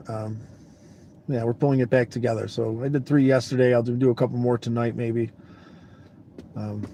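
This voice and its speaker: A man's voice: mid-range voice, dark tone, slight background noise. A groggy man vlogging casually to camera from his vehicle, laid-back and rambling, repeating words and swearing now and then. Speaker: traveling vlogger.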